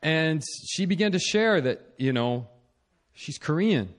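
Animated self-mocking man telling a story. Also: fairly high pitch, a little slow. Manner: animated, self-mocking, many restarts and laughs. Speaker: speaker sharing a marriage story. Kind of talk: personal storytelling talk.

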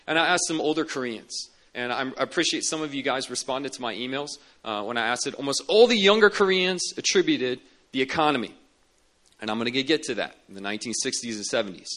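Guy preaching, earnest, medium pitch, keeps repeating words to drive it home. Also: lively intonation, fast, fairly bright tone. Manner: earnest storytelling with emphatic repetition. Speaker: pastor. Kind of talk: sermon.

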